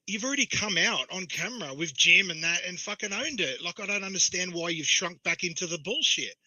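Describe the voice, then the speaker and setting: A man's voice: high-pitched, animated, a little fast, pushed and bright, no echo, low-quality recording. A man talking as a guest in a livestream chat on a video call, rambling in an agitated, profane way.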